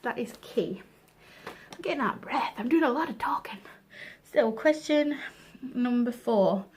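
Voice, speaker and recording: A candid woman in a relaxed home vlog, chatting straight to her viewers about personal topics. Her voice sits a little on the high side, and her talk is loose and conversational, full of small fillers. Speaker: vlogger. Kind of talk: frank casual advice chat. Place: room at home with windows open.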